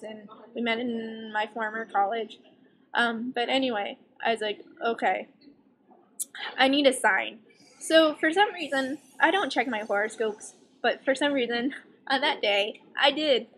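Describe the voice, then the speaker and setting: A young woman vlogging, telling a story in a chatty, animated way and acting out the voices she quotes. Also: a little high. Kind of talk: casual storytelling.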